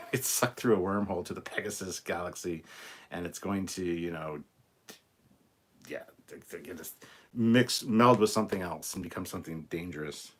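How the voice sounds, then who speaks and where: A British man hosting a casual livestream reaction, excited and rambling, with frequent ums and laughs. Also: low voice, normal speed, husky. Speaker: livestream host.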